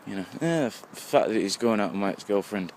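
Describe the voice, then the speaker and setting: Low-voiced tipsy English man walking home. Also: animated, fast talker, a little mellow. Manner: rambling, swears constantly. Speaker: vlogger. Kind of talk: casual rambling monologue. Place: outdoors on a street at night, walking. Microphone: phone held while walking. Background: faint passing traffic.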